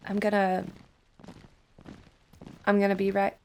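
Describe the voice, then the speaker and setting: A woman playing a tabletop game, speaking hesitantly with many pauses. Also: mid-range voice, monotone. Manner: hesitant, halting, full of pauses. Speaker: player. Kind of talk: tabletop role-play.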